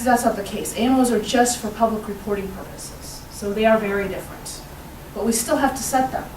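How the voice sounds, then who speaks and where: A woman who is an education official, explaining policy at a roundtable panel in an animated way with frequent restarts. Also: mid-range voice. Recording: distant roomy mic with background noise.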